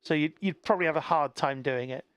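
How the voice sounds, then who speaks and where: A man's voice: fairly high pitch, quick pace, clear, resonant tone, no echo. A man hosting a game stream, coaching a blind player and chatting with viewers in an encouraging, laughing way. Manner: encouraging, chatty, reads out chat, laughs often. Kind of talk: casual game stream chat. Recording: faint background noise.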